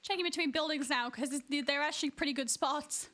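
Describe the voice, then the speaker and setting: Bright high-voiced woman streamer. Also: fairly quick. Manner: chatty, running commentary to players. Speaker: streamer hosting a hide and seek game. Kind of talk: casual livestream chat while gaming.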